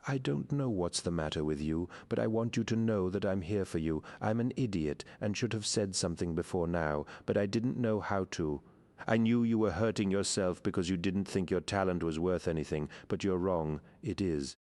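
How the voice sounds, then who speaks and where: A man's voice: moderate pace, darkish tone. A man voicing a passionate male artist who speaks with urgent, exasperated energy. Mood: earnest. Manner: exasperated, urgent, raised pitch.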